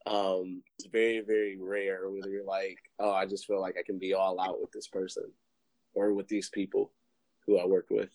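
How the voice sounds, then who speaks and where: A man's voice: low voice, level tone, moderate pace, darkish tone, dry recording, poor audio. A man with a British accent speaking hesitantly in a casual group conversation, using lots of fillers.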